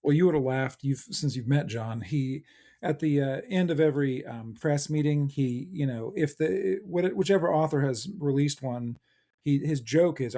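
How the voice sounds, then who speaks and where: A man in his thirties talks casually as an interview guest. He rambles, restarting his sentences and filling the gaps with ums and uhs, at an ordinary mid pitch. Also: moderate pace, dark tone. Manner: rambling, many fillers and restarts. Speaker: co-author guest.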